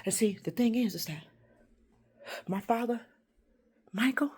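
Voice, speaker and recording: A woman vlogging a rambling, confrontational monologue, swinging between loud outbursts and hushed whispers. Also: fairly high pitch, a little slow, slightly rough. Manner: confrontational, addresses unseen listeners.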